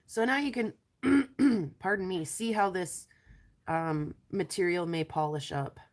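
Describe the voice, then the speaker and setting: A woman with a stuffy nose and a raspy voice from allergies, chatting casually on a live stream as she shows rocks and trails off with ums. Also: fairly low pitch, takes it slowly. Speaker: lapidary showing rocks to viewers.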